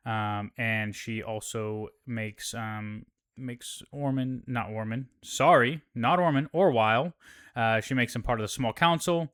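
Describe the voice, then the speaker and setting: Dude doing a chill episode recap, smooth clean voice, lots of ums and cussing. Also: male voice, mid-range voice, unhurried, fairly bright tone. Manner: laid-back, profane, lots of fillers. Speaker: show recap host. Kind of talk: casual show recap.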